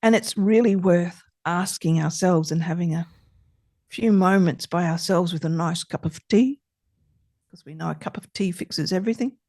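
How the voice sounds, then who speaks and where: A middle-aged woman speaks in a slightly low voice, expressive and emphatic as she explains ideas on a podcast. She leans on key phrases and says them again. The sound is close and dry, with almost no room echo. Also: normal speed. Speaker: trauma therapist guest. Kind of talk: conversational podcast interview.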